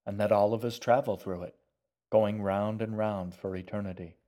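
A man doing a gentle, musing shaggy man. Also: fairly low pitch, close to an everyday voice. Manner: calm, musing, unhurried.

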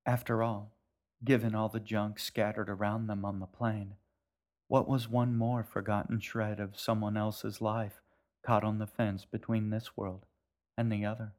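Slow, low-voiced male storyteller. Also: flat delivery. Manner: gentle, measured. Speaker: author reading his own book. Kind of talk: audiobook narration.

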